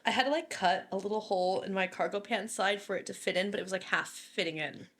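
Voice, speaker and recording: A woman in her forties tells an old service story in a loose, casual way. She laughs through it, swears freely and acts out the lines of the people in it. Her voice sits at a middling pitch for a woman. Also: quick pace, fairly bright tone. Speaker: podcast guest, retired Navy bomb disposal chief.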